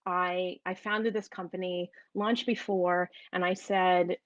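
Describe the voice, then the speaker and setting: A woman's voice: on the low side, little pitch movement, takes it slowly, no room sound, dull audio. A woman with a New York and New Jersey accent, telling a story in a chatty, casual live-streamed talk as an online business coach. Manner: chatty, storytelling, many restarts.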